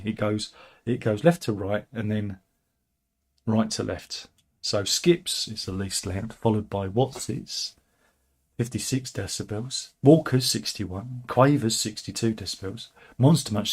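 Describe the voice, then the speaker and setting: A man's voice: fairly low pitch, husky. A man hosting casual satirical news commentary, sardonic and rambling, with chuckling asides. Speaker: host of a satirical news channel.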